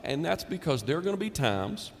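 A man's voice: a little high, big pitch swings, brisk. Man preaching in a reverberant hall. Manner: conversational preaching with emphatic repetition. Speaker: pastor. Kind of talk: sermon.

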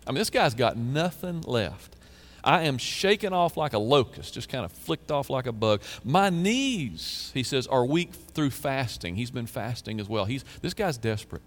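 A man's voice: mid-range voice, lively intonation, normal speed, big-room sound, soft background music. A man preaching a sermon as pastor, earnestly reading psalms aloud with emphasis and conversational asides. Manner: conversational asides, repeats phrases.

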